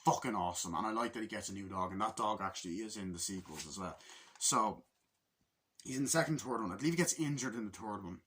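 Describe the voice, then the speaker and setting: Excitable swearing man recapping a film. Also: fairly low pitch, fast, husky. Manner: profane, excitable, acts out scenes with sound effects. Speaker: movie reviewer. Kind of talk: casual rambling film recap.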